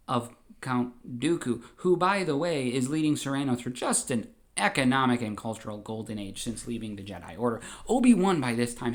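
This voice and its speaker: A man narrating a comedic story and switching between many character voices. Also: medium pitch.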